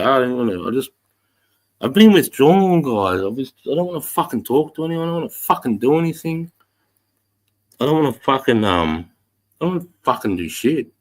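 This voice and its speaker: A middle-aged Australian man talks straight to his livestream viewers, blunt and full of swearing. His voice sits at a medium pitch, and his delivery is plain-spoken and unpolished. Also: very animated, fairly quick. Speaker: livestream host. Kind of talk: casual livestream chat to viewers.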